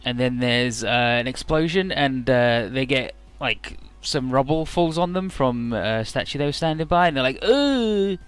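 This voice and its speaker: A man's voice: mid-range voice, normal speed, hardly any pauses, a bit bright, smooth, faint music behind. Rambling, joking man narrating a game. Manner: joking, rambling, many "uh" fillers. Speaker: video game let's player. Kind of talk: casual game commentary.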